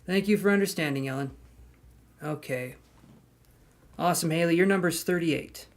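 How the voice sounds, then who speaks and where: In casual chat on his live tarot stream, a man calls out viewers by name, assigns them queue numbers and throws in jokes. He talks at normal speed in a voice that's a little high.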